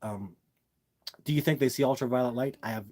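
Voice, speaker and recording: A man with a warm, medium-pitched voice speaks fairly quickly, with no echo, while hosting a casual livestream. He responds to viewer questions emphatically, repeats a lot, and calls his audience "guys."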